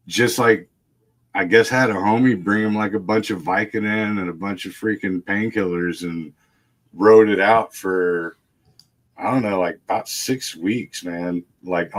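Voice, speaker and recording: A man telling a wild family story in casual chat, laughing often, swearing freely and mimicking the people he quotes. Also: deep voice. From Texas. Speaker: guest storyteller.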